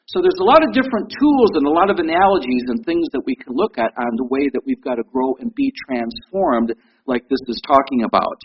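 A man in his fifties preaches conversationally, often repeating words and asking his listeners questions. His fairly high voice is creaky and slightly rough, very animated and a little fast. The recording is dull and lo-fi with faint noise.

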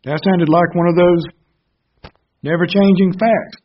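A man's voice: high-pitched, fairly even intonation, unhurried, highs cut off, slight background noise. A man preaching a Bible sermon, earnestly explaining verses step by step.

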